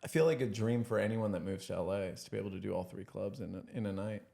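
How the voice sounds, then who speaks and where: A man's voice: on the low side, fast talker, creaky, dark tone. A young man from California, a comedian guest, chatting casually and playfully. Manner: playful, slips into put-on accents. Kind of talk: casual chat.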